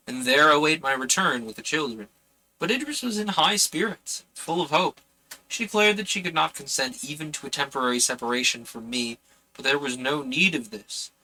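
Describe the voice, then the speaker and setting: Guy reading an old novel out loud on stream, super bright sharp voice, joking about himself between bits. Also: medium pitch, rough recording. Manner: earnest reading with casual, self-deprecating asides. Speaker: audiobook reader and streamer.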